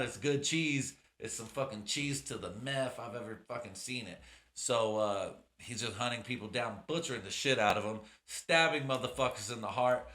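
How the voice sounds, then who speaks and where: A man's voice: mid-range voice, pushed and bright. A man hosting his own podcast, rambling casually in a profane, slangy way. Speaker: podcast host. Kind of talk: casual solo podcast rant.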